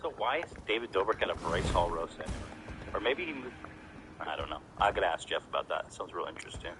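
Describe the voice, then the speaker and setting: A man's voice: low voice, animated, fast, music in the background. A man hosting a casual commentary chat, rambling and blunt with plenty of swearing. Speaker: streamer and podcast host.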